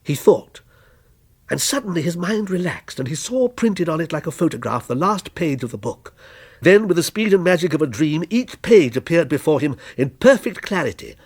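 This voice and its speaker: A man reading a short story aloud with measured drama. His voice is gravelly and a little husky, pitched somewhat high and ranging widely as he tells it. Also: sing-song.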